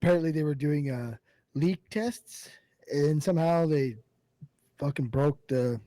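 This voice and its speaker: A man with a mellow, darker tone talks in a laid-back, plain-spoken way on a gaming podcast, swearing now and then. The sound is dry and close-miked. He never hurries. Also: a little high, a little slow, no room sound. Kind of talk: casual gaming podcast chat.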